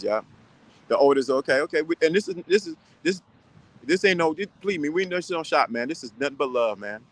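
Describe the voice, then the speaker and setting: A man's voice: fairly high pitch, animated, fast, rough recording. A man giving casual advice to viewers, talking sternly and repeating his points with lots of restarts. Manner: rambling with many restarts.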